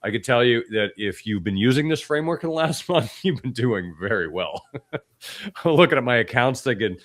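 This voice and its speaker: Deep-voiced hoarse man, blunt podcast host. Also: lively intonation, normal speed. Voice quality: extra deep voice. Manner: blunt, opinionated, with frequent restarts. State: hoarse from a cold. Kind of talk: casual podcast commentary.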